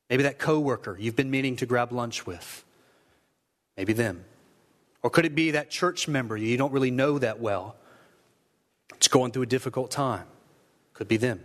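A man preaching a sermon earnestly, slowing down to stress key phrases. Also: mid-range voice. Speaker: pastor.

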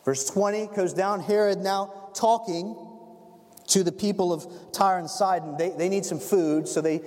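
A man preaching a sermon as a pastor, telling the story in an animated way and acting out the scenes. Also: high-pitched, a little slow. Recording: long hall reverb.

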